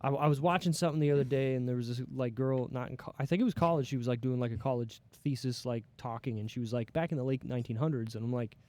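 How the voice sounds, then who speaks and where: A man hosting a casual TV review podcast, animated and swearing casually as he talks. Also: medium pitch, quick pace, few pauses, no echo. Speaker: podcast host.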